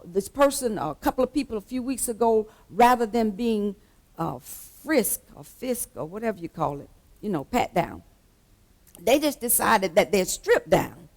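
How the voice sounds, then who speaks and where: High-voiced woman preaching, very animated. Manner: swings between hushed asides and shouted exhortation; repetitive call-and-response preaching. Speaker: pastor. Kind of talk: sermon.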